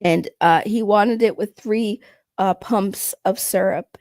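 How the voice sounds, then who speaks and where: A woman's voice: medium pitch, darkish tone, dry recording. A woman acting as a tearful young former coffee girl who stops often and chokes up. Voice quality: halting and choked up, with many pauses. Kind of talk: mock testimony acting.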